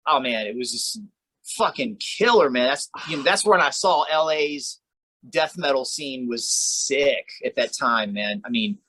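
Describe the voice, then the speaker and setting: A man's voice: mid-range voice, animated, a little slow, bright, forceful tone, no echo, rough recording. A man co-hosting a podcast in casual chat, laid-back and rambling, swearing freely and tossing in "man" a lot. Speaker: podcast co-host.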